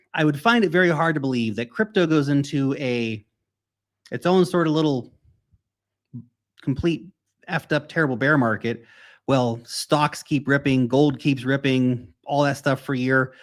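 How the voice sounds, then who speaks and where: A man in his thirties from the United States, hosting a casual livestream Q&A and answering viewers' questions in a blunt, profane, emphatic way. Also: medium pitch. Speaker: crypto livestream host.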